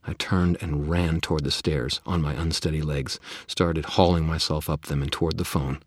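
A man narrating a first-person fantasy audiobook in a measured, dry storytelling manner. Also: very deep voice, steady tone, dry recording.

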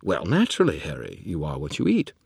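A man's voice: very deep voice, wildly swooping pitch, fairly quick, vocal fry, a little mellow, slightly rough, no room sound, studio quality, full character voice. A man reading an audiobook and voicing a chatty, know-it-all male spirit who rambles and wisecracks. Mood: flippant. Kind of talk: audiobook character voice.

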